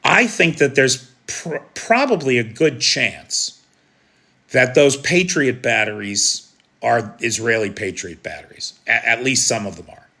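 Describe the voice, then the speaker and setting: American man, news commentator, bright voice, conversational, opinionated. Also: medium pitch, lively intonation, unhurried. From United States. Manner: conversational, opinionated, frequent rhetorical "right?".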